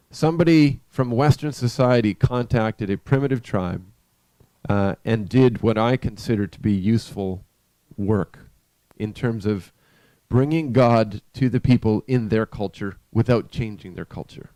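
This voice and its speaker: A live stream host with a smooth, dark, rather low and mellow male voice tells a story carrying a spiritual message, taking a relaxed, conversational pace. The sound is close and dry, without any room echo, and every so often he puts a question to his listeners.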